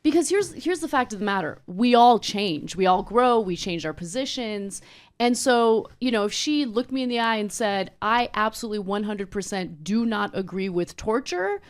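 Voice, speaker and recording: A woman's voice: mid-range voice, lively intonation, moderate pace. A woman guest commentator in casual political chat, speaking emphatically and candidly.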